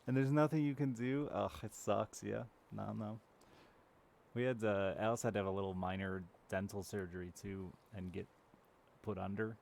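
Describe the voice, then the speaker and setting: Gravelly-voiced man chatting candidly. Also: lowish voice, fairly even intonation, moderate pace, darkish tone. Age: 30s. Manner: candid, swears casually, rambling; chats with live viewers. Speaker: streamer. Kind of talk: casual chat while gaming.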